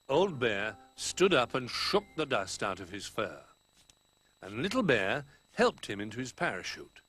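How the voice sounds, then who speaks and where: Slow, expressive male storybook reader. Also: medium pitch, faint music behind, low-quality recording. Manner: expressive, drops to a hush for quiet moments. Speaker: narrator. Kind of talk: storybook reading for children.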